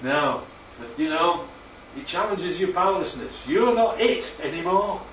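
A man's voice: on the high side, measured pace, a little hiss or hum. Male preacher, slightly raised voice, distant dull echoey recording, prompts the room often. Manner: lively, peppers talk with "Right?" and "Yeah?". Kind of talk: sermon. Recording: echoey, distant, dull sound with faint ambience.

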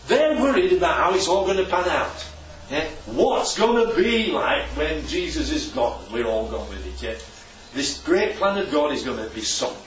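A preacher with a high voice leads a Bible study, and a little hiss or hum runs under the recording. Nearly every point ends with him checking in with a "right?", and the room is echoey, captured by a distant, dull mic.

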